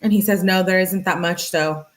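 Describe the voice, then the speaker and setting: Low-voiced woman reading texts aloud. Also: steady tone, moderate pace, poor audio. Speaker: true-crime channel host. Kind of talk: reading text messages aloud with casual commentary.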